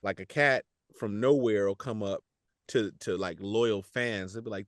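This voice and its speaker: Laid-back animated voice actor, low voice. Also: male voice, measured pace, no echo, studio quality. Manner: animated, laughs often, slangy, repeats words. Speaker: voice actor guest. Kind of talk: casual podcast interview.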